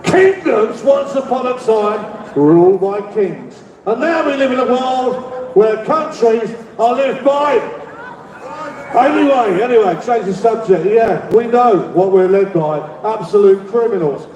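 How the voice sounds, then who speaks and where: Middle-aged london guy ranting at a rally, real high voice, far off the mic in an echoey space. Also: expressive, measured pace. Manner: rambling, shouts out demands, leads call-and-response. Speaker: activist speaker at a rally. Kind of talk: rally speech. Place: public rally. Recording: echoey, distant, with crowd noise. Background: faint crowd and ambient noise.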